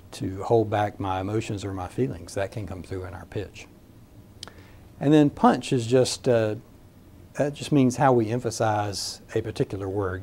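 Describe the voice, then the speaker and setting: Mellow low-voiced man lecturing. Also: slight background noise. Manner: measured, explanatory, with frequent "uh" fillers. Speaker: communications instructor. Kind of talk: recorded lecture.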